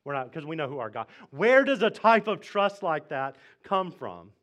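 A man preaches in a loose, conversational way, retelling an old story in modern slang with jokes along the way. His voice sits noticeably high for a man. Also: big pitch swings, normal speed, a bit bright. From Mississippi, US. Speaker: pastor. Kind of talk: casual storytelling sermon.

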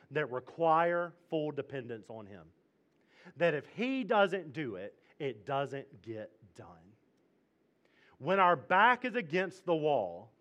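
A male pastor delivering a church sermon, animated, acting out prayers with rising intensity and slipping into conversational asides. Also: on the high side. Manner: conversational asides with fillers and laughs.

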